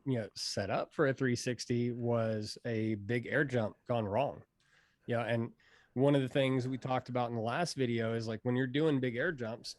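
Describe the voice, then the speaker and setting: A man who is a pro hydrofoil rider, explaining tricks in a relaxed, rambling way and using many fillers. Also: medium pitch, no room sound. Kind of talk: casual instructional interview.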